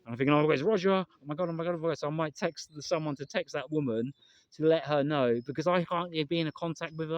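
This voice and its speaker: A man's voice: on the high side, dry recording, lo-fi sound. A man talking to camera in a casual, rambling vlog, earnest and emotional, often repeating himself and swearing. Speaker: vlogger.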